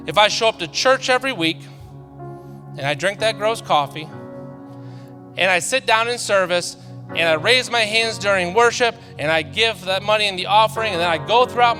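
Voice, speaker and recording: A man preaching a sermon to his church, telling stories with animated, self-deprecating humor. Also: high voice, big-room sound. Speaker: pastor. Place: church auditorium.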